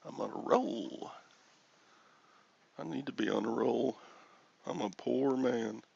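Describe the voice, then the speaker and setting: A man's voice: medium pitch, slow, creaky, a little mellow, husky. A man in his sixties hosting a live stream in casual, rambling chat with an easygoing manner, on a dull lo-fi home recording.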